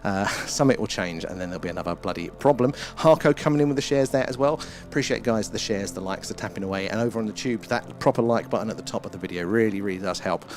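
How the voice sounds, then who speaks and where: A man's voice: on the low side, fast talker, hardly any pauses. A British man hosting a casual live stream, chatting, greeting viewers by name and swearing mildly. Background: faint ambient music.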